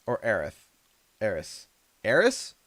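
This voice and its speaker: A man from Canada giving casual, chatty livestream commentary while playing a game, animated and playful. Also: on the low side, drawn-out words. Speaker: streamer.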